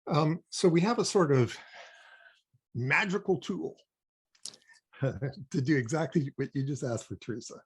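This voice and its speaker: An older man from Canada, a guest expert on child development, explaining at a measured pace with frequent ums and emphatic points. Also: on the high side, breathy edge. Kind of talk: conversational explaining.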